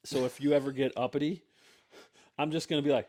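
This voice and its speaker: Teasing wry podcast host. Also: male voice, mid-range voice, fairly even intonation, fast talker, darkish tone. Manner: teasing, wry, leads the talk. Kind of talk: casual chat. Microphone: mic on a stand.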